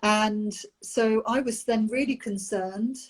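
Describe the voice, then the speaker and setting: A young adult woman, a nanny, talking candidly about a personal experience with many pauses and restarts over a video call. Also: fairly high pitch. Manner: open, halting, with many ums and restarts. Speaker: nanny sharing her IVF experience.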